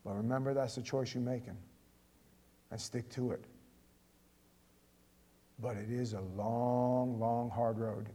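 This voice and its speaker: A male pastor delivering a sermon, direct and conversational, swinging between loud emphatic reading and quiet, intimate asides. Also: medium pitch, fairly even intonation, slow pace, pauses often.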